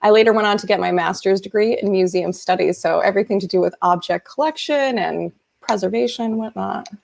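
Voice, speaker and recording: A woman's voice: mid-range voice, brisk, gravelly, darkish tone, a little hiss or hum. A woman from upstate New York, a guest on a podcast, talking in a chatty, enthusiastic way and laughing often, heard over a video call. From upstate New York, USA. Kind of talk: casual chat.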